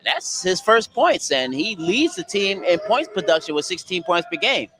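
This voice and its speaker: Excitable man calling basketball play-by-play. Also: high-pitched, low-quality recording. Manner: brisk, excitable calls of the action. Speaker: play-by-play announcer.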